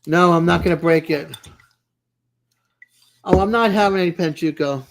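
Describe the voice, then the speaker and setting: A woman's voice: on the low side, normal speed, creaky, a little hiss or hum. A woman hosting a casual livestream from home, giggly and teasing as she chats with her viewers by name. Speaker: livestream host. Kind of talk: casual chat with live viewers.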